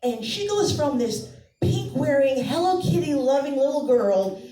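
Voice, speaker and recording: On a comedy club stage with soft music in the background, a Massachusetts mom of two performs stand-up, chatting through family stories and doing the voices. Her voice is high, expressive, unhurried and dark-toned, and the echoey club is picked up by a distant mic.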